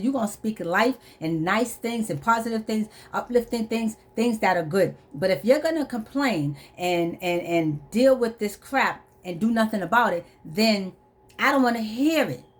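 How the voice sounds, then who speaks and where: Woman vlogger, testimony storytelling, animated, repeats lines for emphasis, plays out the dialogue. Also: mid-range voice. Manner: emphatic, repeats phrases for effect. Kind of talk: personal testimony vlog.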